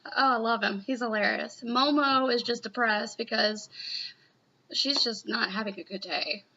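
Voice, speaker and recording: A woman's voice: a little high, fairly even intonation, a little slow, creaky, pushed and bright. A woman chatting casually in a live reaction video, rambling and gushing with lots of "you know.". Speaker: manga reaction vlogger. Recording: muffled lo-fi home recording.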